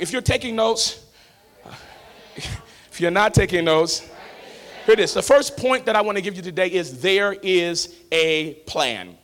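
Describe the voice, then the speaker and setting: A man preaching a sermon as pastor, swinging between shouted, sung-out lines and quiet, close talk, with a Black lilt. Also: sits high, sing-song, moderate pace.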